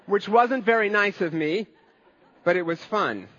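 A man's voice: high-pitched, a little slow, a bit bright, big-room sound, dull audio, slight background noise. A man preaching a sermon, telling stories in an earnest, conversational way. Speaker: pastor.

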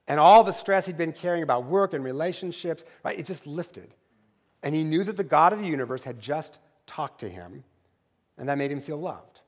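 A pastor with a fairly high voice tells stories from the pulpit and keeps checking in with the congregation. His voice carries a long reverb from the church sanctuary. He talks in a relaxed, chatty way. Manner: conversational storytelling with asides like "right?"; drops to a quiet, slow prayer voice. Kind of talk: sermon.

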